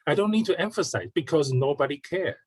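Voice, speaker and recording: A man from Taiwan with a Taiwanese accent, speaking as a guest in a casual conversation, halting and restarting often. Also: fairly high pitch, animated, slightly rough, dry recording, poor audio.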